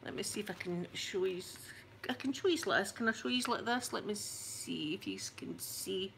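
A woman's voice: mid-range voice, expressive, normal speed, vocal fry, fairly bright tone, slight background noise. A woman in her forties with a thick Scottish accent, chatting to her camera in a rambling, self-mocking way. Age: 40s. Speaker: YouTuber.

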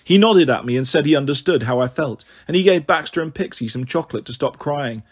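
A man narrating a children's novel as an audiobook, in a steady, measured reading voice. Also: on the high side, breathy edge. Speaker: storyteller.

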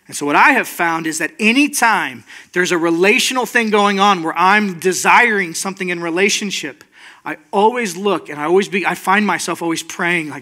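High, sharp-voiced male pastor preaching. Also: normal speed. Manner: informal, earnest, checks in with "right?". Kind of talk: conversational sermon.

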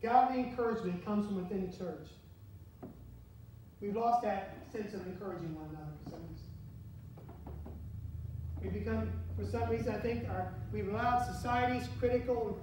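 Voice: medium pitch, normal speed, long pauses. A pastor giving a conversational sermon, asking the congregation questions as he goes. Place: church sanctuary. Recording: very echoey church from far off, faint hiss.

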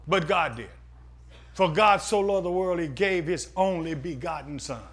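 A male pastor, preaching a sermon in call-and-response style, swinging from shouts to hushed words. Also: fairly high pitch, normal speed.

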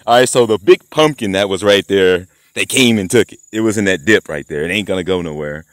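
A man's voice: low-pitched, a little fast, no room sound, studio quality. A man vlogging outdoors by a garden plot, rambling, swearing and laughing as he taunts someone. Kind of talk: rambling outdoor vlog rant.

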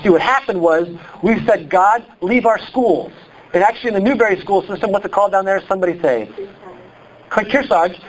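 Animated Midwestern man preaching. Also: high-pitched, fast, muffled recording. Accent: Midwestern American. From Iowa, US. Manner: animated, conversational preaching with rhetorical questions. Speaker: pastor. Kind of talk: sermon.

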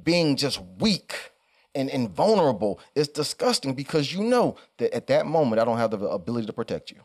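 A male podcast host talks in a loose, casual way. He gets emphatic and preachy, and he swears freely. His voice sits at an ordinary middle pitch for a man. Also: very animated, fairly quick, darkish tone.

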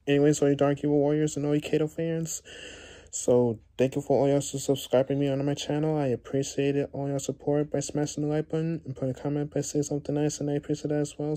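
A young man vlogging to his viewers, tearful and halting, repeating words and restarting often. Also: on the high side, warm tone. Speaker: YouTuber. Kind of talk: emotional vlog talk to viewers.

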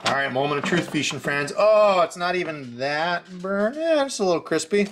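Male vlog host, bright tone, easygoing and jokey, narrates cooking at home. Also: sits high, big pitch swings, normal speed, hardly any pauses, slight background noise. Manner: loose, joking, talks while he cooks. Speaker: fishing channel host. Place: home kitchen.

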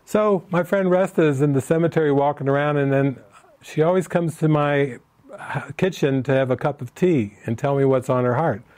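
A man's voice: a little high, normal speed, a little mellow. A man leading a spiritual retreat session in an informal way, answering participants' questions and telling stories in which he acts out the people he quotes.

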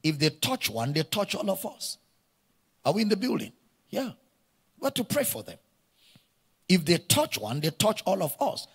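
Husky Nigerian preacher in a reverberant hall. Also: male voice, sits high, wildly swooping pitch, normal speed, long pauses. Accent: Nigerian English. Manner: preaching with call-and-response to the congregation; repeats key phrases with rising emphasis. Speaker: pastor. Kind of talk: sermon. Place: church hall.

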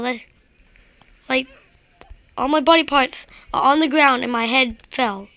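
A woman's voice: high-pitched, measured pace, long pauses, pushed and bright, no echo. A woman giving rambling, self-deprecating gameplay commentary straight to her viewers. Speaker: gaming video creator.

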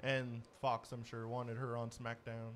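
A man's voice: medium pitch, monotone, unhurried, a little hiss or hum. A man co-hosting a wrestling podcast, playful and teasing. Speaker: podcast co-host. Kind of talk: casual wrestling chat.

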